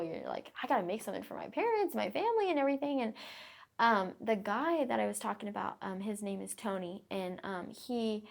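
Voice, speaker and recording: A woman's voice: mid-range voice, vocal fry. A young adult woman, a podcast guest, telling stories in a casual, chatty way with lots of fillers. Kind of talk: casual storytelling interview.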